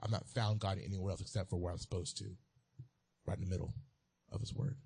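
Man preacher, folksy and joking, fairly low voice. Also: fairly even intonation, fast talker, darkish tone, husky. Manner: folksy, playful, talks straight to the congregation. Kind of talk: sermon.

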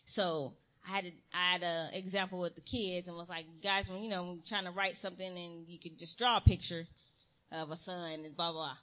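Animated young woman preaching casually. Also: fairly low pitch, brisk. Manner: lively storytelling with slang and acted quotes. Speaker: church speaker. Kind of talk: casual sermon.

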